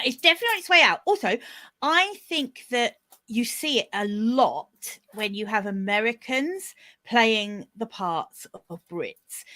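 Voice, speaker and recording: Animated woman, lively pitch. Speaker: podcast guest. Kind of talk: casual chat.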